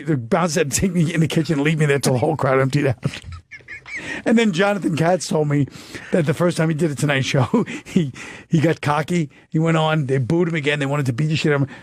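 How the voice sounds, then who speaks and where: A man from New York with a New York accent, a guest comedian in casual chat, rambling through anecdotes and acting out what people said. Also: a little high. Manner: rambling anecdotes with acted-out quotes.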